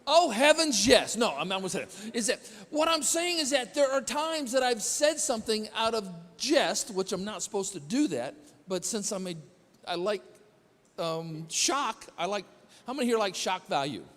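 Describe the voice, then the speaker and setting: A man's voice: high-pitched, lively intonation, normal speed, a bit bright. A man preaching a conversational sermon as pastor, quizzing the congregation and telling stories with self-deprecating humor. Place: church sanctuary. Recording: long hall reverb in a church.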